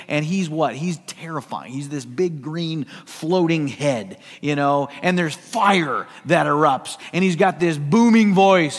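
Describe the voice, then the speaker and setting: A middle-aged pastor from the US West Coast preaching a conversational sermon, swinging between loud and hushed. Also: male voice, sits high, long reverb tail.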